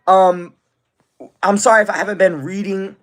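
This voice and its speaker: Young male streamer, slightly high voice, chatty and excitable, reads out viewer questions and shout-outs. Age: young adult. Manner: excitable, gives rapid shout-outs to donors. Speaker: live streamer. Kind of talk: casual live-stream chat.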